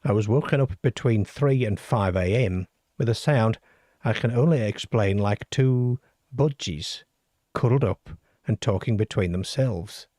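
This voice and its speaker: Here a middle-aged or older man, hosting a late-night paranormal call-in show, shares listener stories and jokes wryly with his live chat, often at his own expense. His fairly low, warm voice moves at a measured pace. It's a clean studio recording with no echo.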